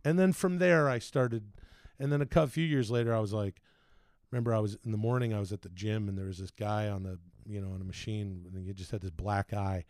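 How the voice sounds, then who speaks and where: A man telling loose, profane stories in casual chat, slipping into quick impressions. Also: fairly low pitch, fairly even intonation, darkish tone, no room sound, clean studio sound. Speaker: podcast guest telling stories.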